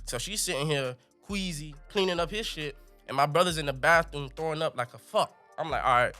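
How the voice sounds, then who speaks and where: A lively young man spinning a comic story, laughing along the way. His voice is high and bright, with soft music far under him. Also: brisk. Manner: animated, laughing, colorful slang. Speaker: podcast guest.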